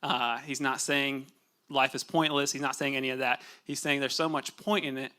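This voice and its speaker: Bright-voiced chatty young man preaching. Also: mid-range voice, normal speed. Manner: relaxed and chatty, with many fillers and asides to the congregation. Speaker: pastor. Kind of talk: casual conversational sermon. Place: church sanctuary.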